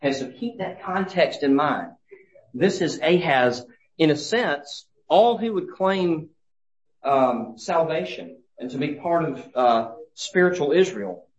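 A man's voice: fairly high pitch, expressive, muffled recording. A man preaching a sermon in an earnest way, often restarting his phrases as he goes. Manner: earnest, halting with frequent restarts. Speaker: pastor.

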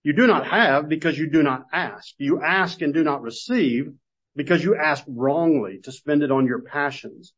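A man's voice: on the high side, a bit bright, slightly rough. Folksy man teaching a Bible class. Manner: folksy, self-deprecating storytelling, then a measured scripture reading. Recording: dull lo-fi recording.

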